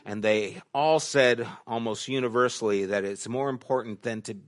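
A middle-aged man, a pastor, preaching a sermon and telling stories, dropping to hushed asides and rising to emphatic questions. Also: mid-range voice, moderate pace. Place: church sanctuary.

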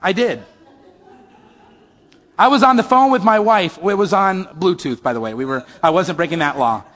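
A man with a high voice preaches in a casual, storytelling way, turning to his listeners with questions as he goes. His words ring out with a long echo, as if spoken in a big church hall. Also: animated, normal speed, a bit bright. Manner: conversational, asks the audience questions. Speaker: pastor. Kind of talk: sermon storytelling.

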